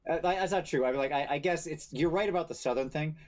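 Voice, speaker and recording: A man's voice: on the high side, fast talker. A man who plays and runs tabletop games, chatting eagerly on a live stream, laughing often and correcting himself as he goes. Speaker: guest player who also runs games. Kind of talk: casual chat on a live stream.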